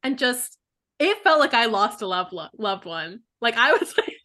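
Young woman, blunt, sweary, joking, casual chat, slightly high pitch. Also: sing-song, normal speed, bright, forceful tone.

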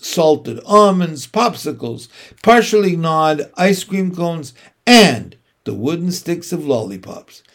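A man reading aloud and voicing an old sheep who persuasively lists treats at length. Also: on the high side. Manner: listing things at length, persuasive.

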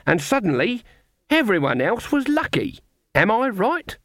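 A man's voice: sits high, big pitch swings, measured pace, fairly bright tone, no echo, clean studio sound, voice pushed up, full character voice. A man voicing a sly, boastful old witch woman. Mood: defensive, boastful.

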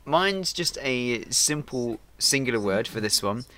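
A man co-hosting a podcast in casual chat, jokey and quick to laugh. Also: medium pitch, lively intonation, a bit bright. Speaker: podcast co-host.

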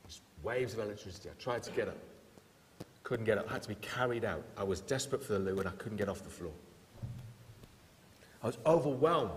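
A man preaching a sermon in an earnest, storytelling way, with quiet prayerful moments. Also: lowish voice. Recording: echoey hall with faint hiss.

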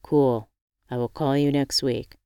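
A man's voice: mid-range voice, flat delivery, measured pace, vocal fry, clean tone, no echo, clean studio sound. A woman reading the part of a male friend who teases and encourages over the phone. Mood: teasing. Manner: warm teasing, encouraging.

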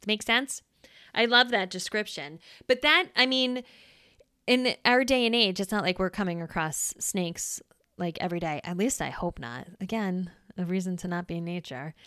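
A woman's voice: lowish voice, bright, forceful tone, clean tone, no room sound, clean studio sound. A woman hosting a casual solo podcast, explaining ideas in a chatty way and often checking in with the listener. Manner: chatty, checks in with "right?", acts out quick voices. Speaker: podcast host.

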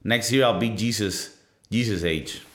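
A man's voice: on the low side, measured pace. A man in his thirties talking in a casual solo podcast monologue, rambling and profane, often poking fun at himself. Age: 30s. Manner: rambling, profane, self-mocking. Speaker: podcast host. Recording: roomy echo.

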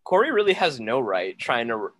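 A man's voice: mid-range voice, big pitch swings, brisk, fairly bright tone. A man co-hosting a podcast recap, dropping wry, dry remarks in casual chat. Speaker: podcast co-host.

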